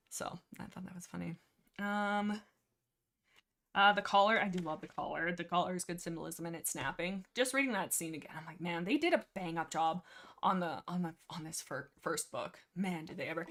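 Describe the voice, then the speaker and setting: A woman hosting a livestream from a room at home, chatting casually about books in a rambling, excitable way with frequent laughs. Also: lowish voice. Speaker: livestream host. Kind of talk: casual book chat. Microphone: desk mic.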